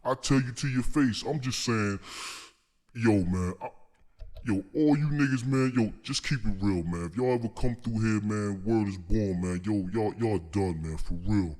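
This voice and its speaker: A man's voice: fairly low pitch, moderate pace, warm tone. A man from Staten Island, delivering a boastful, confrontational, profane comic rant to the camera. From Staten Island, New York. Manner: boastful, confrontational, calls people out.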